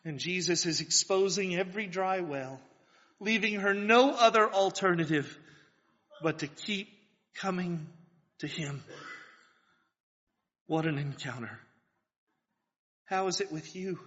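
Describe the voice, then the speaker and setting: A man's voice: high voice, unhurried, long pauses, a bit bright. A man preaching a sermon, earnest and building to fervent pleas, asking his listeners questions. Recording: dull lo-fi sound with long hall reverb.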